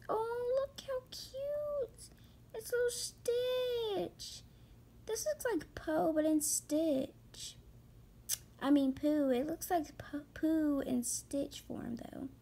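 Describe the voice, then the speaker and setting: A woman giving excitable, gushing commentary to her viewers while shopping in a game. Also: extremely high pitch, gravelly. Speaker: gaming vlogger.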